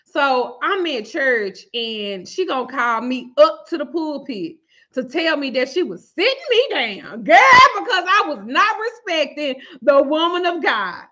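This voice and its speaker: A woman vlogger telling a story to her viewers in a profane, animated way. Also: sits high, measured pace, lo-fi sound. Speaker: tarot reader and vlog host.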